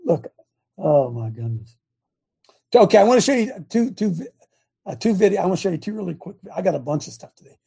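An older man from Ohio preaching a folksy, blunt sermon, swinging between loud emphatic bursts and quiet asides. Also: sits high, sing-song, brisk, vocal fry, long pauses, breathy edge.

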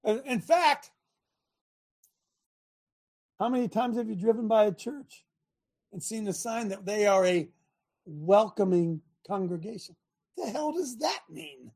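A man hosting a talk show, preaching and mocking in an animated way and throwing questions at his listeners. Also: sits high, unhurried, long pauses. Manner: animated, sermonizing, mocking, asks the audience questions.

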